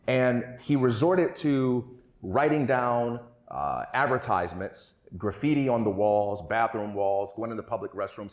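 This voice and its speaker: Guy giving a conference talk, animated storyteller, echoey hall. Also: on the low side. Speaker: conference speaker. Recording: roomy hall echo.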